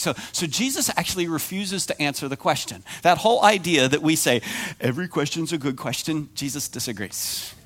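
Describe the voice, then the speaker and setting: A man giving a conversational sermon as pastor, animated and acting out the voices in the story. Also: fairly high pitch, brisk.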